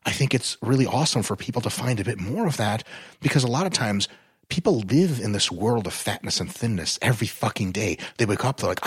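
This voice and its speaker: A man talking as a podcast guest in casual chat, blunt and profane, explaining his ideas with animated swings in pitch. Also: slightly rough, no echo, clean studio sound. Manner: blunt, profane, swears freely.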